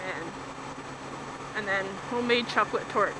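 Loud road and wind noise fill the recording as this middle-aged vlogger chats while riding her motorcycle outdoors. She rambles casually and laughs easily, speaking in a mid-range voice at a moderate pace.

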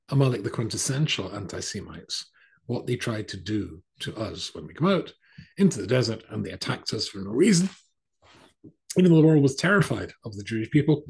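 A man's voice: mid-range voice, a little mellow, husky. A middle-aged man giving a storytelling sermon as a rabbi, conversational, with frequent ums and restarts.

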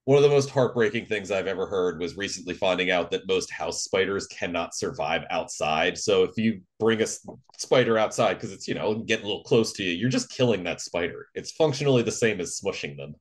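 A man's voice: sits low, animated, brisk, hardly any pauses. A man co-hosting a podcast in casual chat, laid-back with dry humor and frequent laughs. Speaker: podcast co-host.

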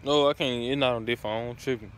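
A man's voice: mid-range voice, fairly even intonation, fast, a bit bright. A man vlogging casually, laid-back and full of slang, often stumbling over words and chuckling at himself. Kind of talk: casual vlog.

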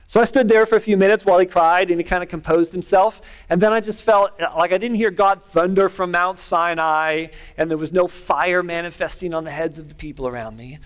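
A man's voice: high voice, a little fast, clean tone. A middle-aged man preaching a sermon, telling a personal story in an earnest, conversational way. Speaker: pastor.

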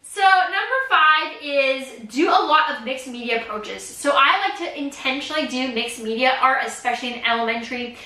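A high, bright-voiced woman in her thirties talks teachers through her ideas with bubbly, animated energy. She speaks from her art studio, caught at a slight distance by the camera mic, and the room around her sounds roomy. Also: moderate pace, few pauses. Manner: bubbly, animated, bursts into excited squeals when quoting kids. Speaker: art teacher and course host.

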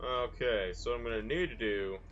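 Speaking at a normal speed, a young man with a fairly bright mid-range voice gives relaxed, goofy commentary on his gameplay full of silly mild outbursts. The recording has its highs cut off and a slight hiss or hum.

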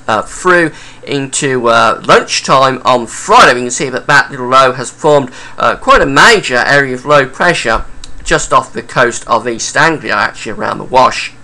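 A man giving a casual weather forecast update, talking through the charts with frequent uhs and pauses. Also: mid-range voice, lively intonation, pushed and bright.

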